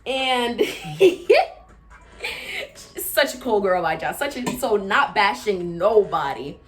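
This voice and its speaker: An animated young woman speaks, recording a casual storytime at home on her camera. She swings from loud, high acted-out quotes down to low, quiet asides. Faint music plays under her voice. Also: takes it slowly. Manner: animated, acts out quoted lines with big pitch jumps. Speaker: vlogger.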